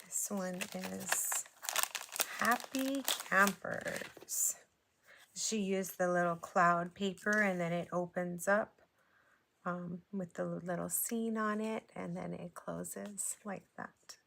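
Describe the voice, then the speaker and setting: Woman from hawaii chatting slow about cards, bit of fry in her voice. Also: lowish voice, flat delivery, fairly bright tone, a little hiss or hum. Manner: unhurried, chatty, admiring. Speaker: papercraft vlogger. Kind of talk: casual show-and-tell chat.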